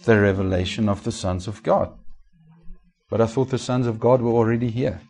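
A man preaching a sermon as pastor, asking the congregation rhetorical questions and swinging between raised and hushed delivery. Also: fairly low pitch, level tone, moderate pace, slightly rough.

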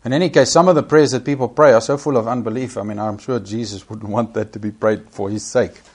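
A man's voice: medium pitch, fairly even intonation, fast talker, a little mellow. A man preaching a sermon, emphatic, repeating key phrases and rising sharply when he quotes scripture.

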